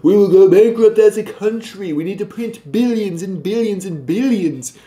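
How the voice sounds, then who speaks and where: Brash boastful older politician, pitched up and blustering, a man putting it on, echoey room. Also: warm tone, natural voice. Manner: blustering, drawn-out repetition.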